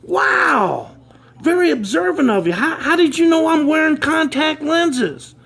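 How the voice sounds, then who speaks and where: A man voicing a short-tempered male company boss who blows up into shouting. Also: medium pitch, fairly even intonation, normal speed, smooth, natural voice. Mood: impressed.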